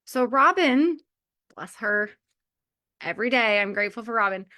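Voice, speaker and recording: A woman's voice: fairly high pitch, expressive, moderate pace, pushed and bright. A woman in her forties giving a heartfelt motivational talk to a community of mothers, chatty and full of "like" and small laughs. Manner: chatty, lots of filler "like", laughs often.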